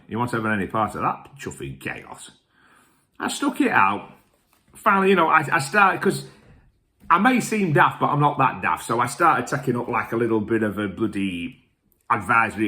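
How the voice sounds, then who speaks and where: A middle-aged man, a little tipsy, rambling through jokey stories and swearing mildly in nearly every sentence. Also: lowish voice. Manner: animated, jokey and self-mocking. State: tipsy from drinking whisky. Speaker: whisky reviewer and vlog host. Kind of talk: rambling casual storytelling.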